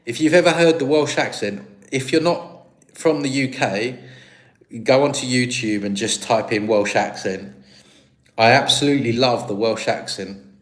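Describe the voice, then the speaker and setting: Here a British man with a medium-pitched voice and moderate pace runs a casual livestream. He answers what viewers write in the chat, wandering off topic and making fun of himself along the way.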